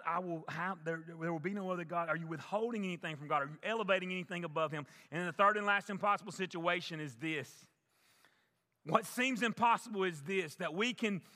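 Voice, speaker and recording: Emphatic high-voiced preacher in reverb. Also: male voice, pushed and bright. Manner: emphatic preaching with repeated phrases. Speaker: pastor. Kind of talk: sermon. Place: church sanctuary. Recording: long church reverb.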